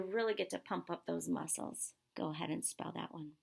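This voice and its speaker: A woman teaching kindergarten sight words, slow, patient and encouraging, drawing out spelled letters in a sing-song way. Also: lowish voice, gravelly, slightly rough.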